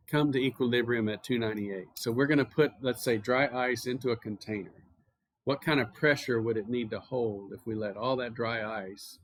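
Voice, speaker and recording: A man's voice: medium pitch, dry recording. An American man lecturing on chemistry at a university, explaining casually and telling stories with plenty of fillers. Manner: relaxed, anecdotal explaining with filler words. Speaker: chemistry professor.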